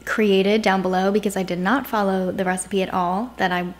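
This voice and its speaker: A woman's voice: medium pitch, fairly even intonation, moderate pace, roomy sound. A young adult woman hosting a casual home cooking vlog, sarcastic and self-mocking as she talks through the recipe. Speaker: cooking vlogger. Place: home kitchen.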